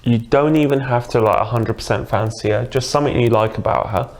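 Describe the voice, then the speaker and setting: A man's voice: mid-range voice, fairly quick, gravelly, darkish tone. A man with a British accent, a guest in a casual interview, chatty and enthusiastic, explaining with examples. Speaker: dating coach guest.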